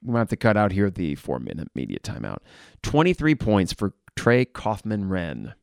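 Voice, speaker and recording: A man hosting a live game reaction podcast, blunt and frustrated, who swears and flares into shouting. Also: on the low side, sing-song, normal speed, vocal fry, no room sound, clean studio sound.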